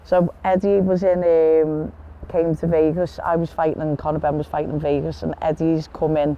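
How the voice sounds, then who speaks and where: A woman's voice: deep voice, flat delivery, moderate pace, mellow, highs cut off, a little hiss or hum. Blunt, chatty woman boxer. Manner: blunt, swears freely, chatty storytelling. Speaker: boxer guest. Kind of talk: casual interview chat.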